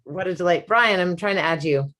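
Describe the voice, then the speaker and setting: Bright, low-voiced female show host. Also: a little fast. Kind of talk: hosting a live show.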